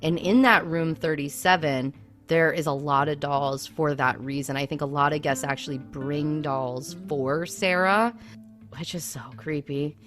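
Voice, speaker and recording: Low voiced woman cohosting, chatty and loose, soft music behind. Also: measured pace. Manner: chatty, with lots of "like" and "I mean". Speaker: podcast co-host. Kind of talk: casual chat.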